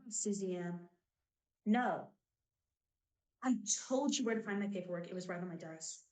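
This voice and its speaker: A woman's voice: on the low side, normal speed, a little mellow, natural voice, low-quality recording. A woman playing an impatient office boss snapping orders at an intern in a stage scene. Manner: curt, demanding. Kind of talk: stage monologue.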